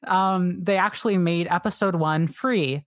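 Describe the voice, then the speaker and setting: A woman on a podcast talks casually and eagerly, piling on fillers and restarting her sentences. Her voice sits a little low. The sound is dry and close to the mic. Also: slow, no echo. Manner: enthusiastic, rambling with many fillers and restarts. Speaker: podcast guest. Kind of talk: casual chat.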